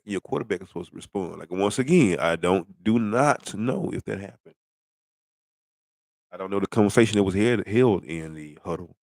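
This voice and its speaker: A man's voice: fairly low pitch, no echo. Blunt rambling man ranting about football. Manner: blunt, rambling, trash-talking with rhetorical questions. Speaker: sports commentator. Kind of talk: casual sports rant.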